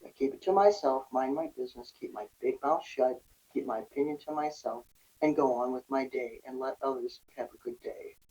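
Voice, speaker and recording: On a distant, dull, lo-fi mic, a woman with a rumbling low, warm voice speaks fairly quickly. She's a podcast guest who coaches on recovery and parenting, talking earnestly and conversationally about parenting and resilience while acting out small scenes in quoted speech.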